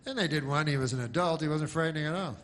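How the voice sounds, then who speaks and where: A male stand-up comedian telling jokes in a deadpan, rambling way, with long digressive setups full of filler words. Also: fairly high pitch, quick pace, a little hiss or hum.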